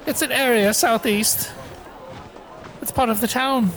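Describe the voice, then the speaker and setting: A man's voice: very high voice, steady tone, a little slow, fairly bright tone, a little hiss or hum, pitched above the performer's own voice, low-quality recording. A man voicing a flustered halfling woman shopkeeper with a thick accent, who stammers and repeats her words.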